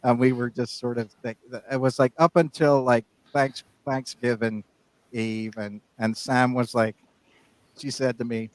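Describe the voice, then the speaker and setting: A man's voice: mid-range voice, fairly even intonation, measured pace. A man co-hosting a podcast in casual banter, rambling and jokey, often restarting his sentences. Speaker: podcast co-host.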